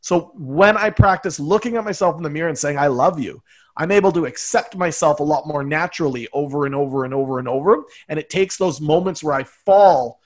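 Reflective male podcast guest. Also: on the high side. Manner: reflective, encouraging, speaks about self-love. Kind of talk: casual conversation.

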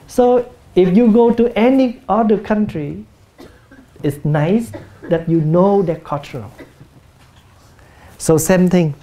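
Slow, mellow Vietnamese-accented monk. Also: male voice, high voice. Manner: gentle, humorous, acts out everyday speech. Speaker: Buddhist monk giving a dharma talk. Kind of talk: sermon. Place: meditation hall.

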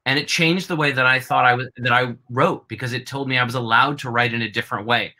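Bright-voiced playful man on a video call. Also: mid-range voice, quick pace, poor audio. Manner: playful, enthusiastic. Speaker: moderator. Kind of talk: casual chat.

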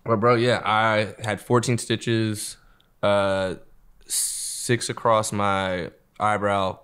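A man guesting on a podcast, telling a story in casual chat, animated and profane, laughing as he goes. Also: drawn-out words, clear, resonant tone. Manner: animated, profane, acts out quotes in a higher voice; laughs through his telling.

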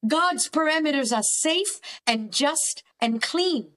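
High-voiced earnest woman therapist. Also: lively intonation, slow pace, a bit bright. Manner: earnest, emphatic, repeats words for stress. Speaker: cognitive therapist guest. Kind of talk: faith-based counselling conversation.

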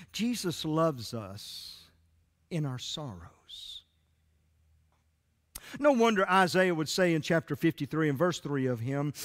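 A man preaching a sermon as pastor, with emphatic rising peaks and drawn-out soft endings, streamed from a church sanctuary. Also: fairly high pitch. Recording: church live stream with long hall reverb.

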